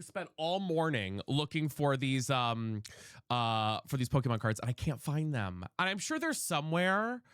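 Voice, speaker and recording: A young man live-streams from his room at home in a mid-range, fairly bright voice, recorded with studio quality and no room sound. Playing a game, he chats casually, greets viewers by name and swears freely.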